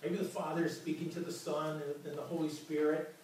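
A man's voice: a little high, flat delivery, a little fast, a little mellow, a little hiss or hum. A man preaching a sermon as pastor, earnest and often repeating his words. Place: large church hall. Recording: very echoey hall, mic from far.

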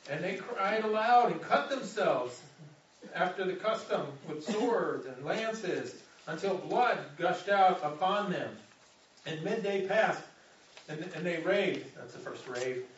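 Male pastor, slightly high voice, distant dull sanctuary sound, lively sermon reading with asides. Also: heavy reverb, a little hiss or hum. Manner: animated, jokey asides between readings, repeats words when restarting.

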